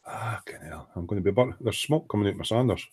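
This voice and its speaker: This Scottish live streamer talks fast in a low, slightly mellow voice with a breathy edge and plenty of expression. At his indoor model-making bench, he sands while bantering, swearing, and making dry jokes.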